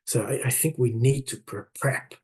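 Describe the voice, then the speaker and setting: A man's voice: mid-range voice, normal speed, a little mellow, slightly rough. A man presenting his research on a video call, explaining at length with frequent fillers and restarts. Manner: hesitant, many restarts and fillers. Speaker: academic presenter. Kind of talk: online conference talk and Q&A.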